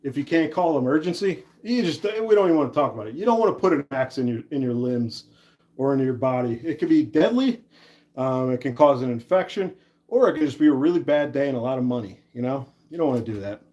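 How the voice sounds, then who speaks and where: Fast and expressive, his medium-pitched, darkish voice fills a livestream where the thirtysomething host works on an axe handle. He chats freely, laughs easily, and reads and answers the chat.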